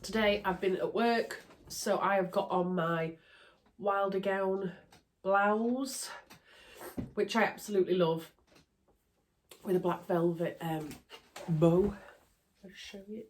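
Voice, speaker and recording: A sewing vlogger from Yorkshire, England, talks to her phone camera at night in her bedroom under a ring light, casual and self-deprecating. Her medium-pitched voice is nasal and bunged up with a cold, and she speaks slowly with long pauses. There's a little hiss or hum in the background.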